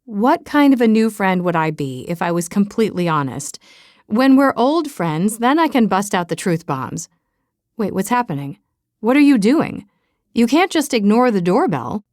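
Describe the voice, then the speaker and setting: A woman's voice: medium pitch, very animated, moderate pace, a little mellow, no echo, close to an everyday voice. Woman reading a teasing blunt friend in an audiobook, breezy, dry close sound.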